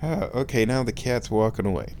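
A man hosting his own show, talking in a relaxed, rambling way while lying down and chuckling often. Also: mid-range voice, unhurried, vocal fry, slight background noise. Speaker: solo show host. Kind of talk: casual monologue.

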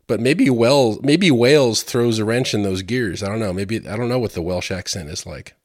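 A man's voice: lowish voice, moderate pace, no echo, clean studio sound. A man from Maryland in casual chat, rambling and often repeating words as he thinks. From Maryland, USA.

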